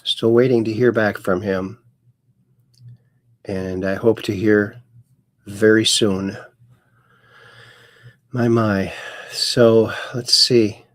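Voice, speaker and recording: A man's voice: lowish voice, fairly even intonation, drawn-out words, pauses often, dry recording, studio quality. A man hosting a casual livestream, reading viewers' chat messages aloud in a folksy, playful sing-song way. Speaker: host.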